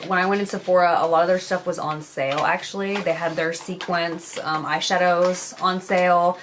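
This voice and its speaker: A woman's voice: lowish voice, noisy background. A young woman chatting candidly as a beauty vlogger while she does her makeup, swearing casually as she goes.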